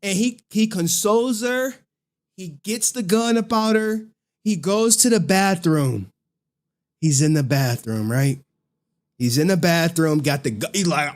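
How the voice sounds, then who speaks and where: A male streamer talking casually, swearing freely and slipping into voices to act out scenes. His delivery is lively and loose, like chatting with viewers. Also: high-pitched, unhurried. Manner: animated, profane slang, acts out scenes with voices. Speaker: streamer recapping a horror movie.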